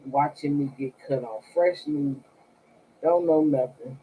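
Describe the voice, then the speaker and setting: A woman's voice: low-pitched, measured pace, mellow, slight background noise, rough recording. A woman hosting a tarot live stream, telling stories casually with a sarcastic, profane manner and frequent laughter. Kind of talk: casual storytelling to viewers.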